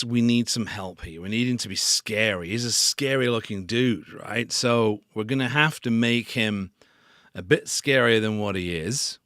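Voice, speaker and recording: A man's voice: lowish voice, a bit bright, no room sound, clean studio sound. A man hosting a casual live stream tutorial on sound design and joking about himself as he works. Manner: casual, self-deprecating.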